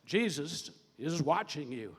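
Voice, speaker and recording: A pet parrot with a low, flat croak that repeats the same dark warning over and over, as a man puts it on while telling a joke. The voice rolls out through a long hall reverb. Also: slow, heavily acted. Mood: ominous.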